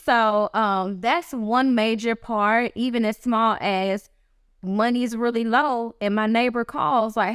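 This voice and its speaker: A woman with a fairly high voice tells a personal story as a guest on an interview show. She lively acts out the people she quotes with big jumps in pitch. The sound is close and dry. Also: takes it slowly, clear, resonant tone, dry recording. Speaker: guest author.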